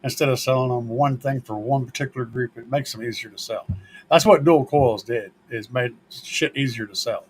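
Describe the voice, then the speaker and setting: A man's voice: medium pitch, normal speed, a little hiss or hum, poor audio. A man hosting a car audio show, chatting casually and answering viewer questions in a laid-back, joking manner and swearing freely.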